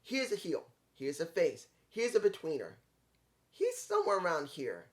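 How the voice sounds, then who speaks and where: Male wrestling reviewer, slightly higher-pitched, casual and rambling, easily frustrated, stumbles over words. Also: huge pitch swings, moderate pace. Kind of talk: casual opinion commentary.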